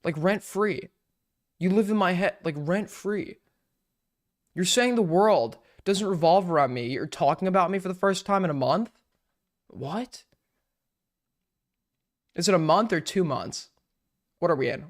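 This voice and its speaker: A man's voice: high voice, moderate pace, pauses often. A man hosting a live stream in casual chat, reading comments aloud and answering them sarcastically. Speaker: streamer host.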